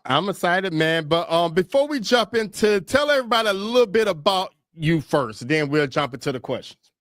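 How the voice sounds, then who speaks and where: A man hosting a casual interview, talking in a relaxed, colloquial, joking way. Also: high voice, normal speed, no room sound, clean studio sound. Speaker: interview host.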